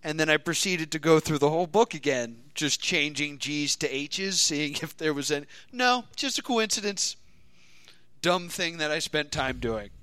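Male podcast host, casual rambler, slightly high voice, dry sound. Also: lively intonation, normal speed, bright, forceful tone, clear, resonant tone, dry recording. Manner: rambling, self-mocking storyteller.

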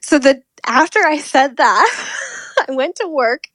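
A woman guest telling a personal story in an interview, animated and often laughing as she talks. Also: high voice, unhurried, no echo.

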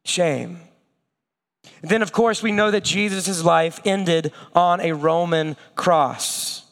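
Guy preaching a sermon, pretty high voice, long hall reverb, acts out the voices then gets quiet and slow. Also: creaky. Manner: animated storytelling, acting out quoted voices; drops to a slow, hushed tone for weighty points. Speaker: pastor.

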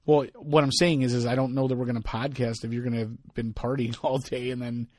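Man, podcast host, teasing, relaxed, mid pitch, dry close mic. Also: a little fast, no echo. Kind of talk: casual chat.

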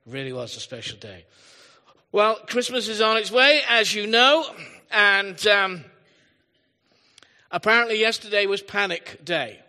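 During a live service in a church hall, a pastor preaches in a high, bright, forward voice with lively intonation and an unhurried pace. He drifts into chatty stories, asides, and self-deprecating jokes as if talking with the congregation, all under a long reverb.

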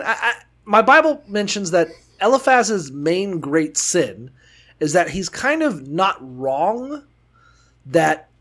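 A man's voice: fairly high pitch, fairly bright tone. A man co-hosting a podcast in a casual, rambling way, profane and sarcastic. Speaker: podcast co-host. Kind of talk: casual chat.

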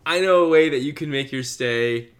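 A man's voice: a little high, normal speed, smooth. A man co-hosting a podcast in casual chat, laid-back, often just giving short reactions. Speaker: podcast co-host.

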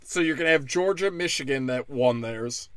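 A man's voice: mid-range voice, normal speed, a bit bright, clear, resonant tone, no echo. A man ranting in a casual, comedic way as a podcast host, sarcastic and profane.

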